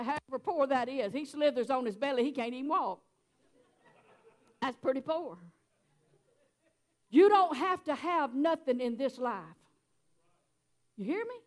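High-voiced folksy woman preaching. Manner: folksy, chatty, laughs often. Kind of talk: sermon.

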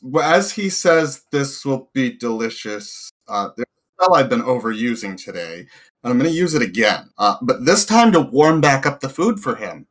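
A man's voice: medium pitch, sing-song, normal speed. A man playing a tabletop game, explaining what his character does. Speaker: player.

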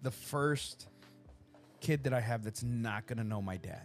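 A man's voice: medium pitch, a little slow, soft background music. A man in his thirties hosting a casual podcast, swearing freely and telling family stories in a loose, rambling way. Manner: swears constantly, animated storytelling with acted-out quotes. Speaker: podcast host.

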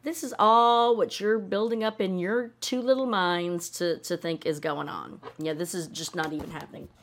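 A woman hosts a casual podcast, tearing into a TV show with sarcasm and swearing. Her voice sits a little low, and she breaks into mocking voices as she rants. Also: normal speed, slight background noise. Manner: opinionated, sarcastic, swears freely; animated, often acts out mocking voices. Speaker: podcast host reacting to a TV show. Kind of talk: casual reaction commentary.

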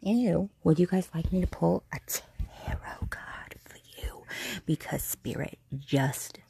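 A tipsy woman hosting a comedic tarot reading stream, rambling and swearing in a jokey deadpan way. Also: on the low side, unhurried, gravelly, husky, dry recording, whispered. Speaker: host.

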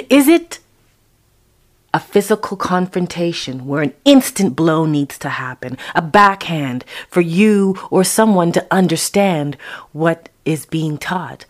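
Reflective storytelling woman. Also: sits low. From Toronto, Canada. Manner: reflective, with long pauses. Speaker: narrator. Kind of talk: personal storytelling.

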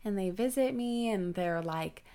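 A woman's voice: medium pitch, a little slow, clear, resonant tone. A young woman co-hosting a podcast, telling stories in casual chat and animatedly acting out the people in them. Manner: animated storyteller, acts out quoted people. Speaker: podcast co-host.

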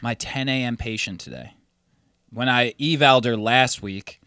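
A man's voice: medium pitch, moderate pace, pushed and bright, clear, resonant tone, no echo, studio quality. A man co-hosting a casual podcast, a physical therapist telling stories in a laid-back, profane chat. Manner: laid-back, swearing, storytelling with quoted voices. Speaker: podcast co-host.

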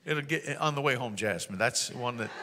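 A man preaching a sermon through a story, folksy and humorous, slowing down and rising for emphatic proclamations. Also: mid-range voice, in a large hall, noisy background.

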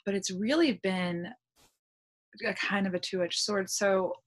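A woman, a podcast guest, chatting casually and telling stories with quick laughs and acted-out dialogue. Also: mid-range voice. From United States. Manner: lively storytelling, quick laughs, acts out dialogue. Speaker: podcast guest, language content creator. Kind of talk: casual interview chat.

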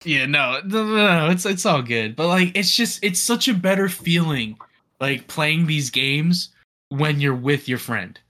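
Chatty man in his twenties, slightly high. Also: expressive, a little slow, pushed and bright. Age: 20s. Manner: enthusiastic, with many fillers and restarts. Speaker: podcast co-host. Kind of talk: casual chat.

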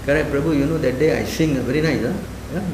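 A man's voice: fairly high pitch, fast, darkish tone, a little hiss or hum. A man teaching a spiritual class in a conversational way, often questioning his listeners and acting out quoted speech. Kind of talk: sermon class. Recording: echoey room.

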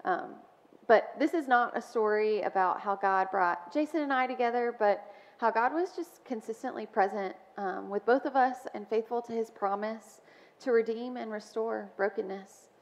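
A woman's voice: fairly high pitch, normal speed. Woman sharing a testimony in a church hall. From Mobile, Alabama. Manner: warm storytelling with frequent ums and soft laughs. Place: church sanctuary. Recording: dull sound with long church reverb.

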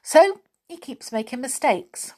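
A woman's voice: sits high, animated, measured pace, darkish tone, breathy edge, voice pushed up, exaggerated voice. A woman reading a patient, friendly boy.

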